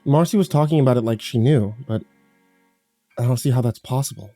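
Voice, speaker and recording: A man's voice: medium pitch, brisk, mellow, dry recording, faint music behind, natural voice. Man voicing a shaky, exhausted mother. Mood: worried. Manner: shaky, strained, pleading. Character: exhausted frightened mother, adult woman.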